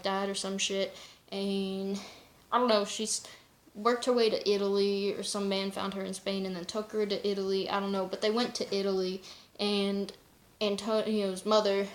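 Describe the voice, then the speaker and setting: A woman chatting casually to camera, rambling and swearing freely, often laughing. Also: mid-range voice. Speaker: vlogger. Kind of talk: casual chat. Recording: echoey room.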